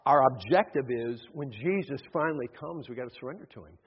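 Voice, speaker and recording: Male pastor, husky voice, sermon with acted-out voices, dull sound, long hall reverb. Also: medium pitch, animated, fast talker, hardly any pauses. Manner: acts out voices in stories, shifts between shouting and hushed tones. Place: church sanctuary.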